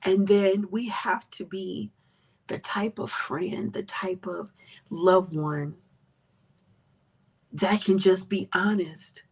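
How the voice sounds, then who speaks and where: A woman hosting a podcast, talking earnestly and with emotion, sometimes dropping to a soft whisper. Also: medium pitch, fairly even intonation, takes it slowly, creaky, pauses often, slightly rough. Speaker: podcast host. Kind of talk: candid personal reflection.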